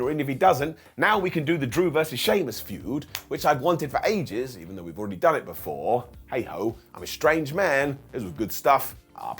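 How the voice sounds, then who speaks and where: A man's voice: fairly high pitch, husky. A man reviewing a wrestling show in a casual, sarcastic recap, acting out quotes in funny voices.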